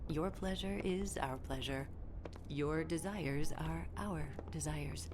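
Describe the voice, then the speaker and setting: Low breathy hostess at a club, hushed and seductive, noisy game audio. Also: female voice, slow pace. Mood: sultry. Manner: soft, sultry, half-whispered. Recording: game audio with clear background noise.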